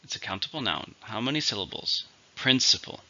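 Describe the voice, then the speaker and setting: A man's voice: medium pitch, lively intonation, fairly quick, sharp tone. A man teaching an English vocabulary lesson, going methodically through each word's syllables and stress. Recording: dull lo-fi recording.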